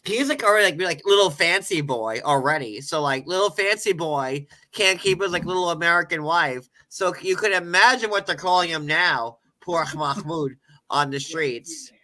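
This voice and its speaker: A man's voice: a little high, normal speed, pushed and bright. A man hosting a casual podcast chat, rambling and joking with lots of filler words. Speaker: show host.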